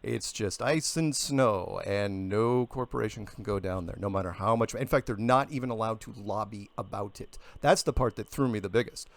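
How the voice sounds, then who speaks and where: A man arguing his case in a heated radio debate, insistent and quick to interrupt, breaking into emphatic outbursts. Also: lowish voice, vocal fry. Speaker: flat earth guest.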